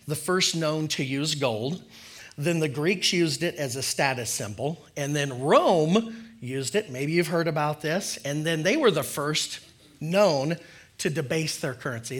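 A man's voice: fairly high pitch, fairly bright tone. A man giving a casual, conversational sermon in church, friendly and loose with filler words. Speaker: lay preacher.

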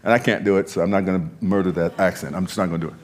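A pastor telling a story in conversation, animated, often laughing and repeating his words. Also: low-pitched, rapid-fire.

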